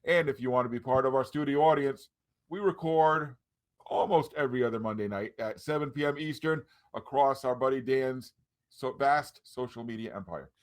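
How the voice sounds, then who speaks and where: An upbeat man hosting a casual sports podcast, rattling through plugs and introductions in an easy chat style. His voice sits at an ordinary middle pitch for a man. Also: normal speed. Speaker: podcast host.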